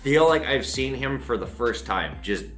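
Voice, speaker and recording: A man hosting from his pawn shop counter, who tells stories in a loose, profane and animated way. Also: mid-range voice, moderate pace, soft background music. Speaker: pawn shop owner and show host. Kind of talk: casual monologue to camera.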